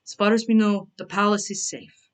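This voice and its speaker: A woman voicing a stern older male mob boss and father, with a put-on Italian accent that drifts toward Russian, speaking slowly and formally. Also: mid-range voice, steady tone, close to an everyday voice. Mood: grave. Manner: slow, clipped, formal speech without contractions.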